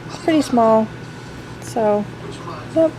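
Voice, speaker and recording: A young woman vlogging about her day, frank and weary, full of "like" and pauses. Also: on the high side, noisy background. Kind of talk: personal vlog. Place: in an old convertible car.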